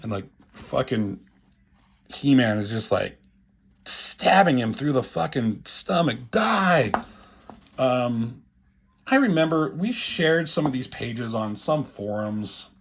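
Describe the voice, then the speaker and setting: A man giving casual, rambling commentary on comic pages, profane and full of filler words, with a husky voice. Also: medium pitch, lively intonation, takes it slowly.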